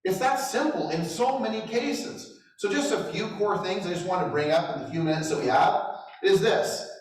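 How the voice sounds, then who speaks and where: A man's voice: sits high, moderate pace. A middle-aged man giving a motivational talk as a real estate trainer, telling stories with self-deprecating humor and chuckles. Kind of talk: motivational storytelling speech. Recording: echoey hall, distant mic.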